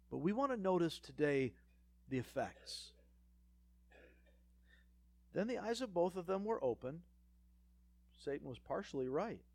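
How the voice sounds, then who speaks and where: Dry-voiced preacher with sarcastic asides. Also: male voice, mid-range voice, dry recording. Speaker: pastor. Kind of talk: sermon.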